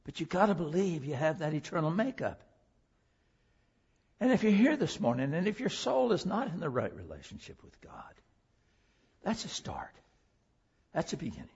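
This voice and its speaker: Impassioned husky-voiced male preacher. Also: a little high, huge pitch swings, moderate pace, pauses often, dull audio. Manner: impassioned, swings from loud pleading to hushed. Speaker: preacher and teacher. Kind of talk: sermon with a personal story.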